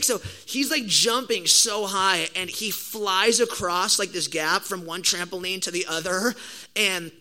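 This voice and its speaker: A young adult man giving a sermon, opening with a casual, animated story full of slang before turning to the message. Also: high-pitched, measured pace, low-quality recording. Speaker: pastor.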